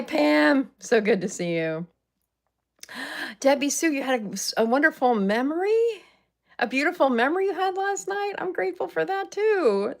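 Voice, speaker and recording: An older woman from Southern California hosting a live-stream chat from her purple room at home, upbeat and chatty, greeting viewers by name. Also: mid-range voice. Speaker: livestream host.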